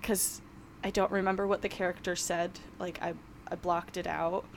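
Chatty low-voiced woman, noisy recording. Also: little pitch movement, normal speed. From New York. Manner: chatty, rambling, laughs often. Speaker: podcast co-host. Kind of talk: casual chat.

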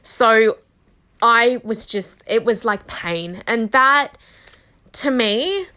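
A woman's voice: on the high side, expressive, very slow, sharp tone. A woman hosting a candid personal monologue, heartfelt and close to tears, with lots of "like" and "you know.".

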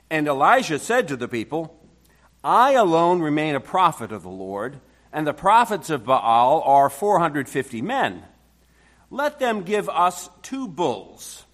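Expressive man reading scripture. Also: a little high. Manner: dramatic, emphatic scripture reading. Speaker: pastor.

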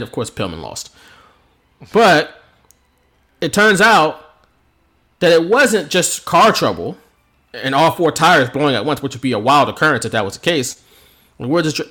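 Lively man recapping on a podcast. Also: on the high side. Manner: animated storytelling with frequent laughs. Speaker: podcast co-host.

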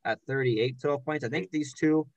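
A young man hosts a casual sports podcast and reels off names and scores with plenty of teasing asides. His voice sits at an ordinary pitch. The recording is dry and close, with no room around it. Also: brisk, no room sound, dull audio. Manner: jokey, rattles off names and standings. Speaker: podcast host.

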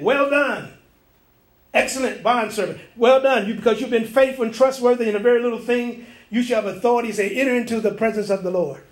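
A man preaches with a high, bright voice. He tells a dream in lively detail and acts out the voices and sounds in it. The sound carries an echo of the room around him. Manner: animated storytelling, acting out voices and sounds. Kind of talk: sermon testimony.

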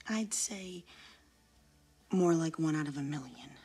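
A woman's voice: sits low, lively intonation, a little slow, mellow, slightly rough, heavily acted. An actress playing a polite, hesitant young woman in a comedy film scene.

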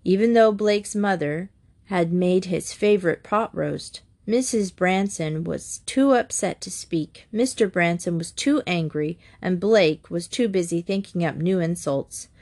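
A woman narrating a children's storybook in an expressive way. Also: on the low side, a little slow. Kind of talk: storybook reading.

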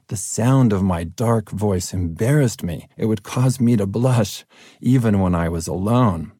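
A middle-aged man from California narrating his own audiobook in an earnest, personal way, his deep voice cracking at times. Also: warm tone, breathy edge, no echo, studio quality. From Fresno, California. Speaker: author reading his own book.

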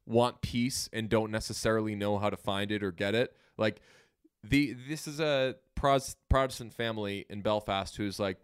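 A man's voice: fairly low pitch, fairly even intonation, normal speed, clear, resonant tone. A man chatting casually about a movie, rambling and swearing, acting out characters' lines. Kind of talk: casual movie review chat.

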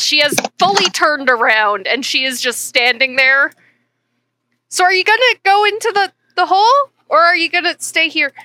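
A young woman running a tabletop game as game master, animated and laughing often. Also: high-pitched, noisy background.

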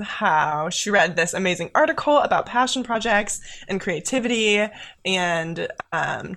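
Bright, laughing woman podcast co-host. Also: on the low side, gravelly. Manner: laughs often, animated storytelling. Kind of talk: casual chat.

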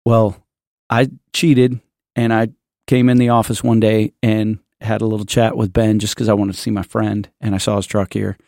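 A man's voice: lowish voice, level tone, moderate pace, creaky, darkish tone, dry recording, clean studio sound. A man hosting a casual church podcast, rambling through a story with many restarts and asides. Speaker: podcast host.

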